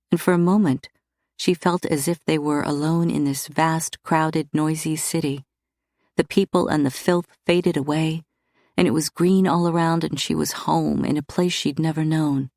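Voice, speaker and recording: A woman narrating a romance audiobook in a measured, even reading style. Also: low-pitched, no echo, studio quality. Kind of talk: scripted narration.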